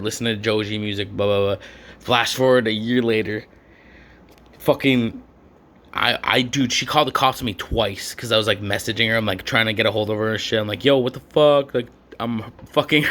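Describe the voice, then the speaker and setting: A man's voice: mid-range voice, bright, forceful tone. A young adult man telling a rambling, profane storytime rant full of slang and fillers. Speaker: vlogger.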